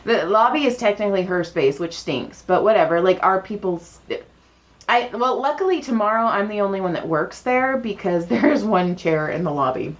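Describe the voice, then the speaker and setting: A woman's voice: medium pitch, normal speed. A woman co-hosting a podcast, telling stories in casual chat and acting out the dialogue of the people in them. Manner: animated, acts out quoted dialogue. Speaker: podcast co-host. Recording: dull lo-fi podcast audio.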